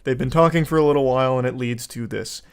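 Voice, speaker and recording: A man's voice: medium pitch, fast, clean tone. A man in his thirties hosting reaction commentary, reading dating texts aloud with incredulous, crude outbursts. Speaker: commentary host.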